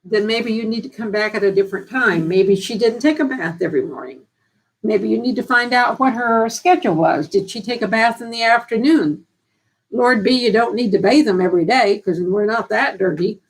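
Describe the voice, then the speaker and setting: A woman's voice: a little high, normal speed, low-quality recording. Folksy, earnest woman giving care advice. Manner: folksy, earnest and down-to-earth, with homespun sayings; repeats and restarts phrases while thinking aloud. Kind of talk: casual advice talk on a live stream.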